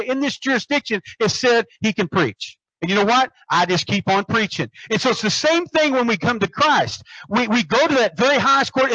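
A man's voice: high voice, fairly bright tone, dry recording. A man preaching a sermon, emphatic, repeating phrases and asking the congregation questions. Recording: muffled dry recording.

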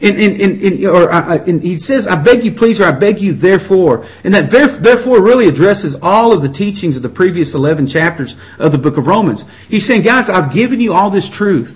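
A man's voice: high-pitched, lively intonation, fairly quick, hardly any pauses. Earnest preacher man, dull lo-fi sound. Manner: earnest, pleading, with frequent repeated words and restarts. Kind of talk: sermon. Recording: dull lo-fi recording.

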